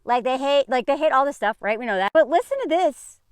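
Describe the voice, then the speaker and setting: A woman talks straight to her viewers in a high, bright-pitched voice, casual and sarcastic. She laughs often and strings her thoughts together with plenty of "like". The sound is close and dry, with no room around it. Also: animated, fairly quick, clear, resonant tone, no echo. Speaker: commentary vlogger. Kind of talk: casual opinion commentary.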